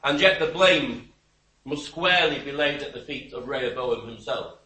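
A man's voice: medium pitch, animated, moderate pace, bright, forceful tone. A man preaching an expository sermon, with wry, emphatic and scornful asides. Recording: roomy, distant church mic.

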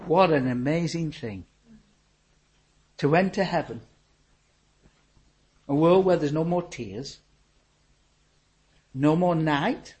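Animated older preacher. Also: male voice, a little high, slow, pauses often, low-quality recording. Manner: animated, swings from loud to hushed. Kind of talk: sermon with personal stories.

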